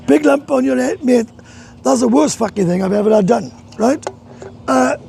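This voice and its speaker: A man's voice: very high-pitched, creaky, mellow, slight background noise. A Welsh man chatting on a casual live stream from a bar, rambling and swearing, laughing often. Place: bar in a hot tourist town.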